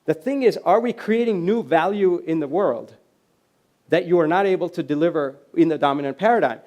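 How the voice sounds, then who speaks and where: A man from the USA giving a storytelling keynote at a university event, animated and laughing often as he acts out the people in his stories. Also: a little high, a little fast. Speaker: keynote speaker. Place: university event hall with audience.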